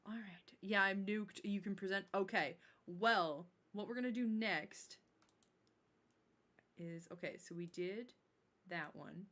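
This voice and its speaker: Casual livestream host, woman, mid-pitched, loose and chatty with some swearing. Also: takes it slowly, fairly bright tone.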